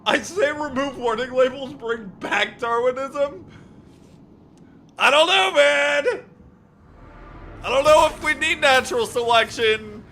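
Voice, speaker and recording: A man's voice: very high-pitched, moderate pace, hardly any pauses, a little hiss or hum. A young man streaming a game, chatting casually, cursing and laughing often. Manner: profane, excitable, laughs often. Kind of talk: casual gaming stream chat.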